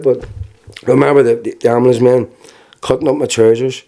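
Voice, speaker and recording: Mellow-voiced Belfast man recounting his story. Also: medium pitch, steady tone, quick pace. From Northern Ireland. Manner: plain conversational storytelling with restarts and wry laughs. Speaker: interviewee. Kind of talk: personal testimony.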